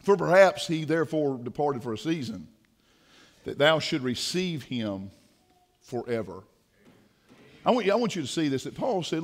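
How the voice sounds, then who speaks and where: A man preaching a sermon in a church, fervent, moving from hushed passages to shouting. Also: a little high, big pitch swings, moderate pace, long pauses. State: dry mouth. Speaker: pastor. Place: church sanctuary.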